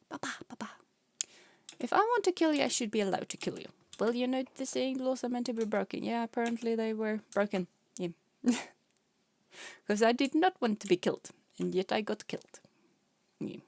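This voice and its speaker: A young woman chats through a casual game stream, playful and loose, sometimes breaking into babble and mock-stern scolding of her pets. Her voice sits a little high with a gravelly, fried texture. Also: moderate pace, darkish tone. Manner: chatty, playful, scolds her pet cats, often laughs and babbles. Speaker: vtuber streamer.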